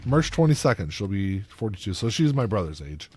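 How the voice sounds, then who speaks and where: A man's voice: lowish voice, big pitch swings, a little fast, a little mellow, slightly rough, no room sound. A man in his thirties co-hosting a casual podcast chat, talking in stop-start, rambling phrases. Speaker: podcast co-host.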